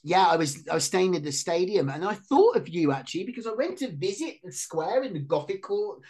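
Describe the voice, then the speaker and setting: A talkative man hosting a relaxed podcast conversation. He rambles and overexplains, laughing easily as he goes. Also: sits high, brisk. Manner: chatty, self-described overtalker, laughs often. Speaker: podcast host. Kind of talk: casual chat.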